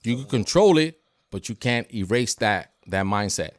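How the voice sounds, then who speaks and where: A man working as a dog trainer, chatting on a podcast and telling lively stories that act out dogs and people. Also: on the low side, moderate pace, no echo. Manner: animated storyteller, acts out dogs and people. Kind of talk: casual podcast chat.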